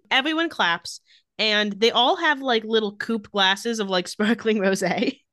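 A woman's voice: fairly high pitch, measured pace, no room sound. A woman co-hosting a recap podcast in a casual chat, reading out scene dialogue with dry sarcasm. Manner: sarcastic, retells scenes by reading lines in a flat voice. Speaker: podcast co-host recapping a TV episode.

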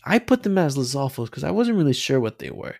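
A man co-hosting a casual podcast, rambling about a video game with animated, swearing talk and many restarts. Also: mid-range voice, fast talker, vocal fry, no room sound, studio quality. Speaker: podcast co-host.

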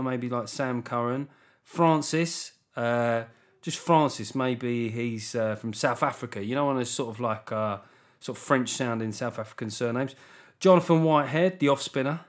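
A man's voice: medium pitch, normal speed. A middle-aged man with a Southern English accent, hosting a solo comedy podcast, riffing loosely and swearing freely. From England. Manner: swears freely, riffs with mock voices. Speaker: podcast host.

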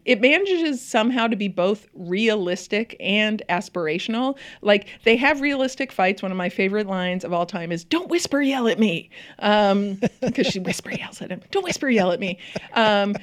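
A woman co-hosts a casual TV chat as a podcast co-host, her mid-range voice animated at a moderate pace. She talks effusively and chattily, filling her speech with fillers and laughing often.

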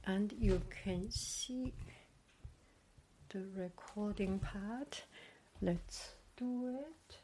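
A woman vlogger chatting casually as she tests a microphone plugged into her laptop, often dropping to a soft whisper. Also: mid-range voice, very slow, long pauses, noisy background. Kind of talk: casual demonstration. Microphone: small microphone plugged into a laptop.

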